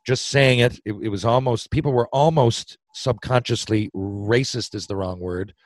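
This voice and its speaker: Telling a long hockey story on a podcast, the guest, a man from Newfoundland, Canada, with a matching accent, keeps cutting himself off, swearing offhandedly and laughing readily. His pitch is medium and his pace normal. The recording sounds dry and rough.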